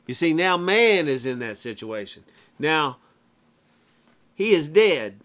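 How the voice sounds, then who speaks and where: A man's voice: fairly high pitch, sing-song, takes it slowly, long pauses, a bit bright. A man preaching a sermon, emphatic, repeating phrases for effect in plain folksy wording.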